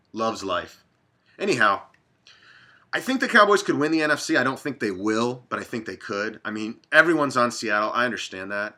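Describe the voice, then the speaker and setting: A man in his thirties hosting his own sports betting show, talking off the cuff. He sounds blunt and profane, and his voice has a sharp, bright edge as he rambles from game to game. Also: on the low side. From Dallas, Texas. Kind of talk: casual sports talk monologue.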